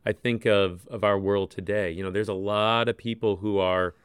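A man co-hosting a conversational Bible discussion, thoughtful and gentle, with casual fillers as he reflects. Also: on the low side, fairly even intonation, moderate pace, clear, resonant tone, no echo. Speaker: co-host.

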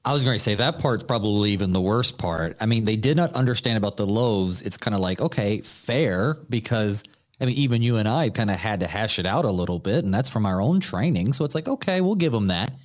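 A man's voice: on the low side, animated, fairly quick. A man, a pastor, taking part in a Bible study conversation in a casual way, agreeing with his partner and raising follow-up questions.

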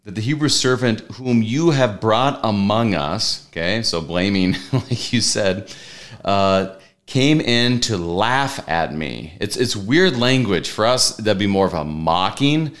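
A man's voice: lowish voice, expressive, measured pace, fairly bright tone. A man co-hosting a Bible study, politely passing along a question about the text. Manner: polite, inquiring. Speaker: co-host relaying questions.

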